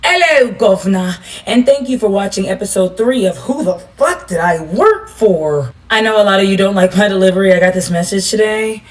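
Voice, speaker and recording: A woman telling a story with big, animated energy and a blunt, profane edge. Her voice comes from video playback heard at a distance rather than close to the mic. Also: mid-range voice, normal speed, hardly any pauses. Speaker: storytime commentator.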